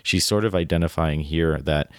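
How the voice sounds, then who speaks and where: Speaking at normal speed in a rumbling low voice, a man hosts a podcast where he enthusiastically walks through a short story and reads quotes from it. His casual, meandering talk is packed with fillers and frequent "right?" tags, captured in clean studio sound without echo.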